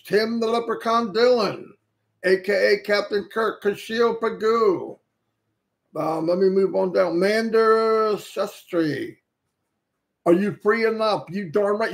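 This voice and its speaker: The livestream host has a high, creaky voice and speaks into a headset. Going through viewers' names casually, he welcomes each, sometimes stumbling as he reads them.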